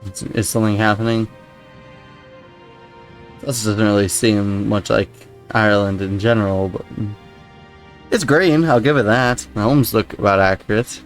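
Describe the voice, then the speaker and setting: A man with a lowish voice talks through a video game in a loose, rambling way. He muses aloud and breaks off into startled exclamations. Soft game music plays faintly behind him. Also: steady tone, moderate pace. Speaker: gameplay commentator. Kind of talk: casual let's-play commentary.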